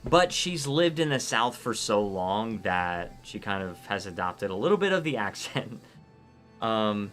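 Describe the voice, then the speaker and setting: A man's voice: fairly low pitch, very animated, a little slow, a bit bright, faint music behind. Chatty man streaming a game. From Florida, United States. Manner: chatty, rambling, reacts to viewer chat. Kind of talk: casual live-stream commentary.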